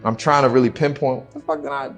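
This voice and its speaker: Halting man telling a personal story. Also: medium pitch, steady tone, soft background music. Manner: slow, halting storytelling with casual slang. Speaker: interview guest. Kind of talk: recounting a personal story in an interview.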